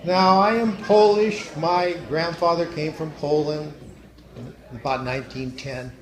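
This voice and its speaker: A middle-aged man doing stand-up at a church, telling joke stories with deadpan delivery and punchlines that drop low and quiet. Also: unhurried. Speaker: stand-up comedian. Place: church hall. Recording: echoey hall, faint noise.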